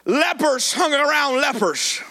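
Man preaching, very high voice, bright and forceful, chanting sermon cadence. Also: lively intonation, unhurried. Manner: shouting, sing-song preaching cadence with repeated lines.

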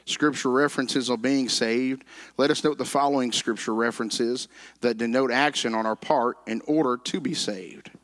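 A man teaching a Bible lesson in an earnest, measured way, slowing down on key words and quoting scripture. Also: medium pitch, a bit bright.

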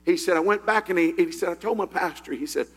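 A man with a high, gravelly and husky voice preaches a Pentecostal sermon. He tells his story quietly and then rises to shouted praise, and his voice rings with the long reverb of a large hall. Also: fast talker. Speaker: pastor.

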